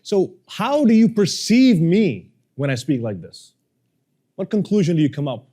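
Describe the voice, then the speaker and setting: A man, a public speaking coach, teaching a workshop to a live audience, energetic and playful, often quizzing the room. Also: sits high, a little slow.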